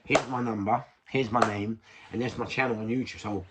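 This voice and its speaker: A man's voice: lowish voice, steady tone, a little fast, noisy background. An older man with a London accent tells a rambling street story in casual chat, swearing and laughing at himself. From England. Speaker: vlogger.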